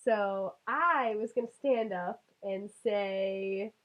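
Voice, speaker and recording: A woman's voice: mid-range voice, takes it slowly, low-quality recording. A young woman chatting casually with a friend, goofy and full of filler words. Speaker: co-host. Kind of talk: casual chat.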